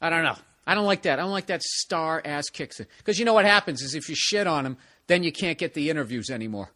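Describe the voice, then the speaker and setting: A man's voice: a little high, quick pace, bright, forceful tone. A man ranting profanely and sarcastically in a monologue, mocking people with put-on quotes. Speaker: podcast host.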